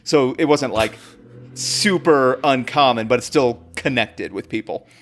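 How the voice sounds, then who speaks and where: A man's voice: mid-range voice, unhurried, a bit bright, slight background noise. A man hosting a comedy history podcast, rambling through a made-up story with lots of fillers and chuckles. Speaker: podcast host.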